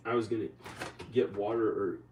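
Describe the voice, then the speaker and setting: A man vlogging in a rambling, halting way, full of restarts, sounding tired and short on sleep. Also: on the low side, fairly even intonation, reverberant, distant mic, lo-fi sound, very noisy. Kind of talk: rambling casual monologue to camera.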